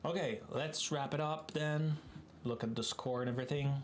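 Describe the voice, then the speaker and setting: Casting note: French Canadian man, native French, mid-pitched, loose chatty streamer with faint background hiss. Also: steady tone. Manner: rambling, chatty, quick asides. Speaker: live-coding streamer. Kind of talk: casual live-stream chat.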